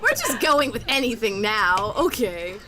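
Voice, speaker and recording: A woman's voice: on the high side, big pitch swings, unhurried, a loud crowd. A woman playing a group party game, giggly and drawn out in her reactions. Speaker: game player. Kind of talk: casual group game chat.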